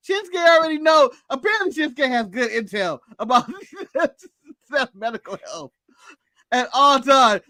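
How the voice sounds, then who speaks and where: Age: adult. Sex: man. Origin: from the United States. Role: podcast co-host. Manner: playful, laughing, does quick mock voices. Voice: unusually high, bright, lively pitch. Sound: dry and close. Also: no echo. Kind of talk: casual wrestling recap chat.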